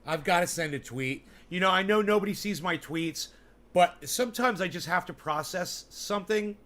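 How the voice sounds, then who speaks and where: High-pitched and fairly bright, this vlogger speaks at a moderate pace while rambling from his home in the mountains. He addresses viewers head-on in a loose, profane, chatty manner.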